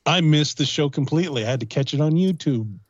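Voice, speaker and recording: A man's voice: a little high, lively intonation, fast talker, husky, no room sound. A man in casual banter as a co-host, telling jokey stories. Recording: dull dry lo-fi sound.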